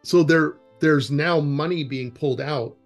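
A man's voice: on the high side, a little slow, faint music behind. A man being interviewed about outdoor education, telling anecdotes in a loose, rambling way and acting out the dialogue. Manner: animated, acts out quoted dialogue in anecdotes; loose and rambling, with frequent restarts. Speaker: executive director of a wilderness education program, interview guest. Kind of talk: casual interview storytelling.

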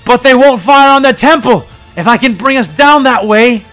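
A man reading a story, voicing a tense male cyborg clone soldier who shouts urgent reports. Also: extremely high pitch, lively intonation, moderate pace, faint music behind, pitched above the performer's own voice. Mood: tense resolve.

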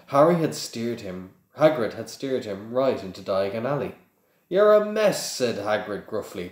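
In an echoey room, a man with a low voice reads a children's storybook in a plain, unpolished way. Every so often he slips slightly and restarts.

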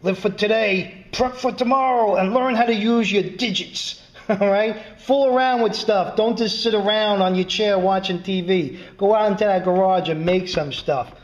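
A man's voice: high voice, moderate pace. A middle-aged man giving a casual, jokey show-and-tell of his gear mods, rambling and often checking in with the viewers. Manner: jokey, rambling, lots of "all right" and "right?". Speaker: prepper vlogger showing gear mods. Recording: dull lo-fi home video sound.

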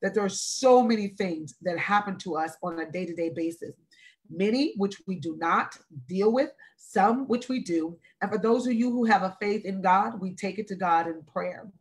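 A woman in her forties, a wellness speaker hosting a live stream, talking slowly and deliberately, with emphatic repeated phrases. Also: medium pitch. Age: 40s. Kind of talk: earnest, deliberate talk. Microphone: video call or live stream.

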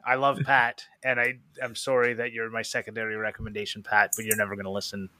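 A man's voice: on the low side, level tone, quick pace, sharp tone, no echo. A man co-hosting a podcast in casual chat, rambling through recommendations with laughs. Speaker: podcast co-host.

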